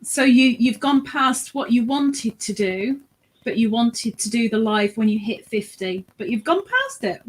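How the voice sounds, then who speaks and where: Higher-voiced teasing woman co-host. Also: expressive, measured pace. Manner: teasing, prodding interviewer. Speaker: co-host prompting the host. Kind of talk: casual live-stream chat.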